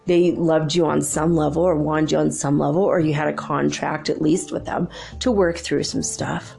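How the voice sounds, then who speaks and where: A woman's voice: deep voice, moderate pace, creaky, faint music behind. A woman hosting her own spiritual channel, chatting casually and telling a childhood story with frequent laughter. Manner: chatty, laughs often, lively retelling.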